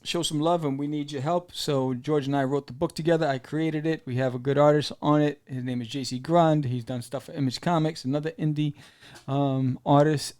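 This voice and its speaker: With a fairly high-pitched voice, a guy running a comics podcast recaps and reviews a story in a casual, animated way. He performs the characters' lines and says "um" and "you know" constantly.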